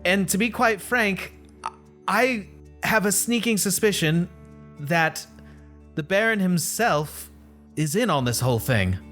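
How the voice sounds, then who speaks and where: A man playing his character in a tabletop game, excitable and playful. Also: sits high, takes it slowly, long pauses, faint music behind. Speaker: player.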